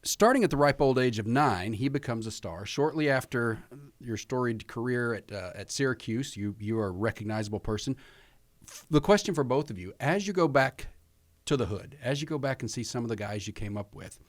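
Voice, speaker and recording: A man's voice: mid-range voice, a little fast. A man co-hosting a podcast, asking questions in an easygoing, casual chat. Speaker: podcast co-host.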